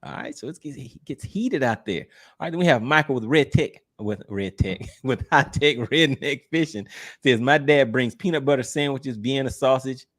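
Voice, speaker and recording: Man, livestream host, mid-pitched voice, easygoing, teasing, laughs a lot. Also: moderate pace, a bit bright. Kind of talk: casual livestream chat, reading viewer comments aloud.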